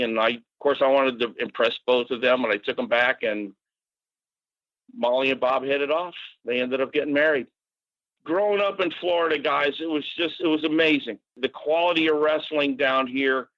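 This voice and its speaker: A man in his sixties from Massachusetts, telling casual stories as a podcast guest, animated and quick to swear. His voice is bright and a little high. The sound is dry and slightly dull, recorded close in a small room. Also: no echo. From Natick, Massachusetts. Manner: animated, swearing storyteller with fillers. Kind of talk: casual storytelling.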